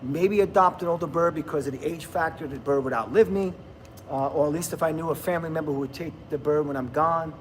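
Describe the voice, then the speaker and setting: Hosting a casual livestream, a middle-aged man with a slightly high voice talks quickly, chatting, laughing, and reading viewer comments aloud. There is a little background noise.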